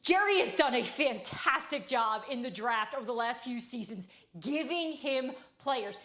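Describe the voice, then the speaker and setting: Female sports analyst, New Jersey accent, high voice, blunt and lively. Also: unhurried. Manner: animated and blunt. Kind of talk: television sports panel talk.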